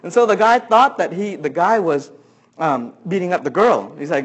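A man's voice: high voice, lively intonation, normal speed, lo-fi sound. A pastor telling a story from his own life during a sermon, acting out what people said and laughing along the way.

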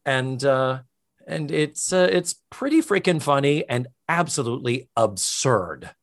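Brief: man co-host, mid-pitched, recounts scenes with quoted lines. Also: unhurried. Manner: animated retelling with quoted lines. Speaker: podcast co-host. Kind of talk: casual chat.

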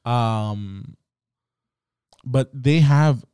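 A young man from Canada chatting casually on a podcast, telling stories in an animated, crude, joking way. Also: medium pitch, extremely slow, clear, resonant tone, no echo, clean studio sound. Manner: animated storytelling with crude banter. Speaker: podcast host. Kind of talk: casual chat.

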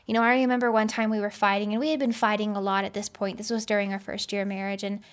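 A woman's voice: medium pitch, little pitch movement, fast talker. A woman hosting a podcast, speaking earnestly in a conversational monologue and telling personal stories. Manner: earnest, personal storytelling with frequent "you know". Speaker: podcast host.

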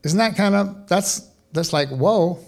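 A man pastor preaching a sermon in a conversational, animated way, with casual asides and questions to the congregation. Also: high-pitched, measured pace.

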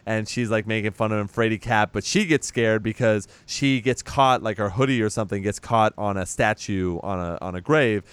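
Guy chatting thru a movie recap, smooth clear voice, dry close sound. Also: fairly low pitch, normal speed, few pauses, no echo. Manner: rambling retelling with acted-out quotes and laughs. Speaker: podcast co-host recapping a movie. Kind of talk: casual chat.

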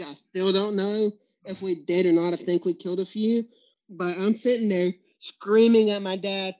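A man, a guest on a podcast, telling hunting stories in a lively way, often laughing and acting out what people said. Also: sits high. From Texas. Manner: animated, laughs often, acts out quotes. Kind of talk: storytelling in a podcast interview. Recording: muffled lo-fi recording.

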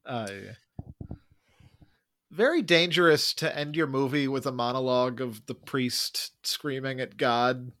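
A man's voice: mid-range voice, measured pace, fairly bright tone. A man discussing a movie casually as a podcast co-host, thoughtful and wry, hedging his points.

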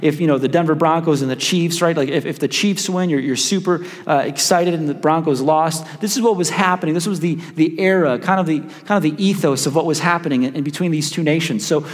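A man preaching a sermon as pastor, talking conversationally and often repeating words as he goes. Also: high-pitched. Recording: long hall reverb.

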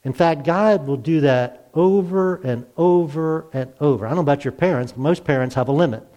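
Warm in tone and fairly high, the man's voice moves a little fast as he delivers a sermon. He preaches in a chatty way, posing rhetorical questions and performing quotes aloud.

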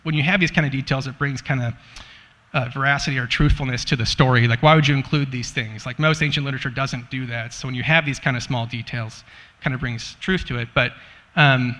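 A man's voice: medium pitch, steady tone, a little fast, sharp tone, in a large hall. A man giving a casual sermon as a Bible teacher, chatty and joking, with many "like" and "you know" fillers.

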